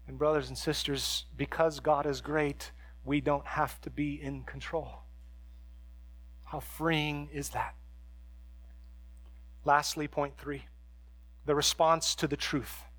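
A man preaching a sermon as a pastor, moving between hushed, quiet stretches and emphatic, raised passages. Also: on the high side, flat delivery, slow pace, pauses often.

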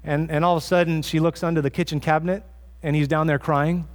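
A man's voice: on the high side, little pitch movement, quick pace. A man preaching a sermon as pastor in a church, earnest and conversational, often restarting his phrases.

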